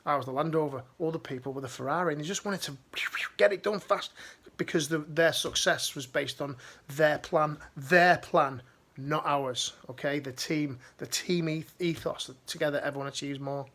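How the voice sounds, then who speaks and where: A man's voice: on the high side, steady tone, moderate pace, fairly bright tone. A man giving a motivational life-coaching talk to camera, emphatic and direct, repeating his key phrases.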